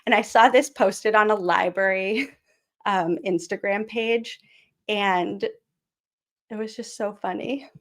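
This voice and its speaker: A woman hosting a casual live stream and reading aloud. She rambles warmly between thoughts, full of little fillers and giggles. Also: mid-range voice, takes it slowly. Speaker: live-stream host, former teacher.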